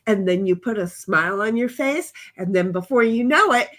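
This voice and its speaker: A woman's voice: mid-range voice, expressive, moderate pace, a bit bright. A woman co-hosting a casual chat stream, joking and reading out viewer comments in drawled voices, talking into a desk mic. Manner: chatty, jokey, puts on drawling voices for commenters. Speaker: co-host of a chat livestream.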